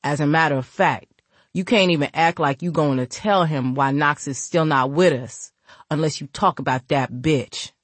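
A woman's voice: deep voice, moderate pace, dry recording. A woman voicing a suspicious young man who bluntly accuses a woman in coarse slang. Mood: accusing. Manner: blunt, profane street slang.

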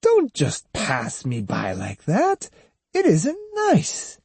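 Man voicing a teasing woman of the night, high sing-song, mocking, husky, dry audiobook sound. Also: wildly swooping pitch, slow pace, darkish tone, dry recording, full character voice. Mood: seductive. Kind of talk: audiobook character voice.

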